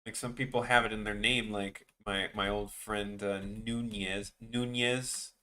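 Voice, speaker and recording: Bright-voiced man chatting on a stream. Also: on the low side, little pitch movement, measured pace. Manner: rambling and offhand, trailing off and restarting. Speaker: animator streaming his work. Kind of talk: casual live-stream chat.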